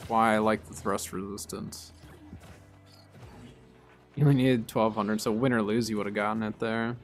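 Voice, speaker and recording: A young man streaming a game, calmly explaining tactics and getting excited in fights. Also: lowish voice, normal speed, faint music behind. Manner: relaxed, explains tactics while playing, bursts of excitement in fights. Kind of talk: casual gameplay commentary.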